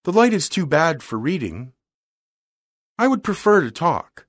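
A man's voice: on the high side, big pitch swings, measured pace, a bit bright, dry recording, clean studio sound, voice pushed up, full character voice. A man voicing a wealthy, bored young woman who speaks in a cool, refined, weary way. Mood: icy.

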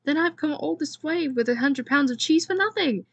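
A woman's voice: high-pitched, moderate pace, no room sound, muffled recording, pitched above the performer's own voice. A woman voicing a tired, blunt traveler woman. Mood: grumbling. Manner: blunt, exasperated.

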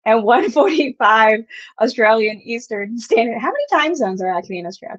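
A woman's voice: mid-range voice, dull audio. A woman hosting a casual whiskey livestream, rambling with lots of giggles and casual swearing. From United States. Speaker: whiskey channel host.

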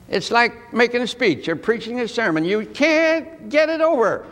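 Slow, gravelly preacher in an echoing hall. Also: male voice, high voice, sing-song, a bit bright. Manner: folksy, dramatic pauses. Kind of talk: sermon storytelling. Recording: archival sermon with long hall reverb.

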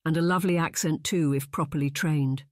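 An arrogant young marquis, as a male audiobook narrator reads him speaks in a fairly high, smug voice that needles at every turn. The audiobook sound is dry and close. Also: steady tone, brisk, no room sound, natural voice. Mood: teasing.

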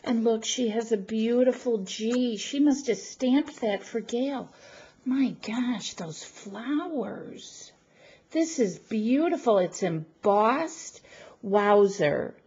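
A woman crafting vlogger, not feeling well, gushing and gasping with excitement as she opens a gift package at home and chats to the camera. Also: fairly high pitch, takes it slowly, slightly rough, highs cut off. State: feeling unwell. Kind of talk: excited unboxing chat to camera.

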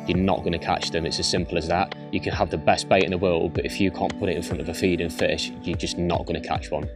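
A young man, a carp angler, calmly explaining his bait and fishing methods step by step, outdoors by a lake. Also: deep voice. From England. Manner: matter-of-fact, explains step by step. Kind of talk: casual instructional talk. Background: background music.

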